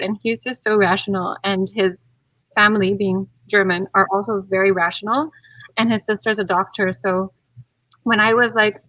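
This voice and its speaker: A young woman, a bride-to-be, chatting casually on a video call and acting out her own quotes with lively swings. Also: medium pitch, brisk, no echo, rough recording. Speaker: guest, bride-to-be. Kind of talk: casual chat.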